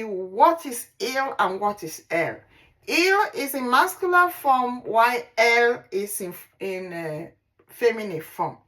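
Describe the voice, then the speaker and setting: A woman teaching a language lesson, saying words slowly and repeating them, with fillers and self-corrections. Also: on the high side, a bit bright, rough recording. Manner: slow, deliberate, repeats words for practice. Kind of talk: slow spoken language lesson.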